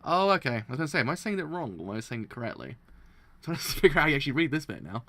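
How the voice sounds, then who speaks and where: This man, his voice a little high with no echo, reads manga out loud as a live reaction. Excitable and quick to laugh, he frequently trips on words and restarts.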